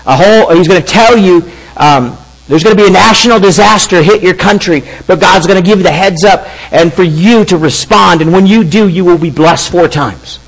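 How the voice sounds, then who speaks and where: A man in his fifties telling a story in a sermon, talking conversationally and acting out quoted speech in lively asides. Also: high-pitched, moderate pace, rough recording. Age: 50s. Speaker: preacher.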